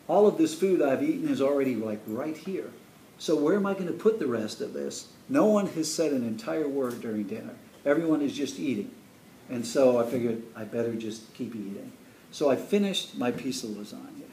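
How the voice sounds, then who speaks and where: A man from Chicago telling an animated story and coaxing a live class to join in as a motivational speaker. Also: mid-range voice, normal speed, slight background noise. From Chicago, USA. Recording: roomy sound from a distant mic.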